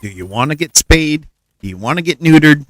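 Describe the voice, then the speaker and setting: A man's voice: fairly high pitch, expressive, a little fast, no room sound. A man from the Midwest, chatting playfully while streaming a game and joking with his viewers. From Cincinnati, US Midwest. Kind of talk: casual gaming commentary.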